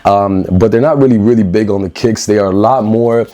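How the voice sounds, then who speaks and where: A man's voice: lowish voice, brisk, mellow. A man giving a casual sneaker unboxing review indoors, upbeat and chatty, often repeating words and calling his viewers guys. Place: indoor room with newly painted walls.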